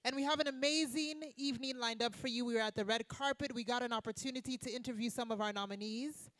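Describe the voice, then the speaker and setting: A woman's voice: on the high side, fast talker, fairly bright tone, dry recording. A woman hosting an awards gala, upbeat and drawing responses from the crowd. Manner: upbeat crowd-engaging emcee. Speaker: event host. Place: banquet hall at an evening event.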